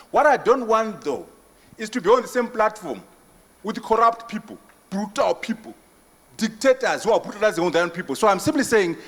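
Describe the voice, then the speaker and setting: A Zimbabwean man giving a conference keynote and answering questions, emphatic and forceful, with repetition and rhetorical questions. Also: high-pitched, expressive, normal speed. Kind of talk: impassioned conference speech. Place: large conference hall. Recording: long hall reverb.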